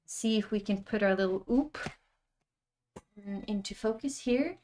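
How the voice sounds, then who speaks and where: A young woman hosting a cozy painting livestream, chatting gently, reading comments aloud and laughing often. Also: mid-range voice, a little slow, slight background noise. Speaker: art stream host. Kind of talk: casual livestream chat while painting.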